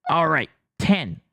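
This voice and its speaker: A man's voice: fairly high pitch, vocal fry, sharp tone. A man from the United States hosting his channel, casually explaining something with on-screen drawings, joking and checking in with "okay?" as he goes. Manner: joking, chatty, lots of restarts and "okay?" check-ins. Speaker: channel host.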